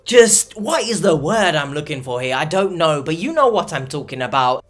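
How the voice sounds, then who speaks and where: A man hosting a reaction video, delivering sarcastic, exasperated commentary. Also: a little high. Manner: mocking, exasperated, animated.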